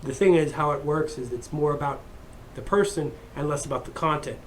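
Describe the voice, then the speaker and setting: A man vlogging in a profane, heated rant, rambling from one gripe to the next. His voice sits a little high, with a faint steady noise behind it. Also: fairly quick. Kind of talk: profane ranting monologue.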